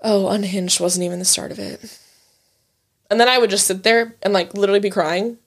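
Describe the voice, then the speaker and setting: A woman's voice: mid-range voice, steady tone, brisk. A young woman in her twenties co-hosting a casual chat show, candid and swearing freely, acting out the voices of people in her stories. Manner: candid, swears freely, acts out quoted dialogue. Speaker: podcast co-host.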